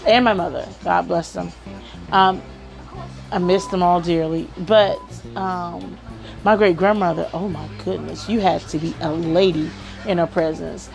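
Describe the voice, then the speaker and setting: Gravelly-voiced woman chatting casually. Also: lowish voice. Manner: chatty, checks in with "okay?" and "right?". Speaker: podcast host giving work-from-home advice. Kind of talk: casual monologue.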